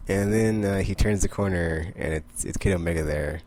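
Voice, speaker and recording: A man's voice: sits low, moderate pace, a little mellow, a little hiss or hum. A man casually recapping comic books, rambling and full of "like". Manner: rambling, heavy use of "like". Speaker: comic book vlogger.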